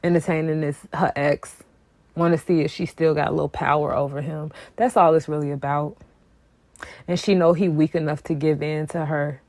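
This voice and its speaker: Sassy woman vlogger with a lowish voice. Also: a little mellow, no room sound. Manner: sassy, emphatic, repeats her points. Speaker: music commentary vlogger. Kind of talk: casual reaction commentary.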